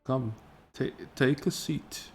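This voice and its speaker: A man voicing a very old grandfather who speaks slowly and gently, with halting pauses. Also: mid-range voice, slight background noise, pitched above the performer's own voice, close to an everyday voice. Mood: gentle.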